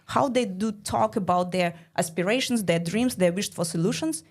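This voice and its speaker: A woman guest on a podcast, explaining ideas in a casual, animated way with many "like" fillers. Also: mid-range voice, moderate pace. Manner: explanatory, peppered with "like". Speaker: guest, startup studio founder.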